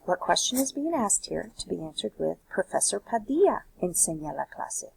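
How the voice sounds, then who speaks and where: Patient woman teaching a lesson, gravelly voice. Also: medium pitch, very animated, background noise. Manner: patient, explanatory, slows down for examples. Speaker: Spanish teacher. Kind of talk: recorded classroom lesson walkthrough.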